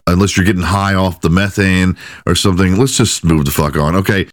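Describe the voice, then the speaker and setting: A man's voice: low voice, fairly quick, no echo, clean studio sound. A man hosting a solo comedy podcast, talking crudely and profanely with frequent laughing asides. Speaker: podcast host. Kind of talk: comedic monologue.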